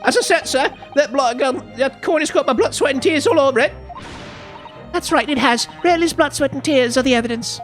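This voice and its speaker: A woman doing a cheeky high Cockney street girl. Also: a little fast, soft background music, close to an everyday voice. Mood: indignant. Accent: put-on Cockney. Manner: cheeky, indignant, loud.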